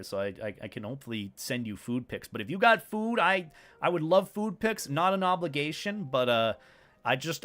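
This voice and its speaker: A man's voice: medium pitch, a bit bright. A man chatting casually on a live stream, rambling playfully and talking to his chat, with his words tumbling over each other. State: hiccups.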